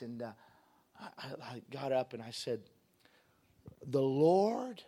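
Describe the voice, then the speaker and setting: A man preaching a sermon, telling his own testimony with halting restarts that build into a fervent preaching cadence. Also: medium pitch, sing-song, dark tone, husky.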